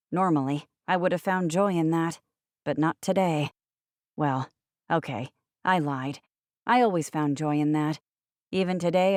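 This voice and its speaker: A woman narrates a first-person audiobook in a low-set voice, dropping wry, sardonic asides. The close studio recording is bone dry. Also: darkish tone, no echo.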